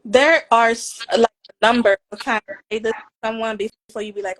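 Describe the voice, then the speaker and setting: Female podcast co-host, high-pitched, reflective, halting, dry close sound. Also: steady tone, a bit bright, no echo, poor audio. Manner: reflective, halting, laughs between thoughts. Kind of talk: casual chat.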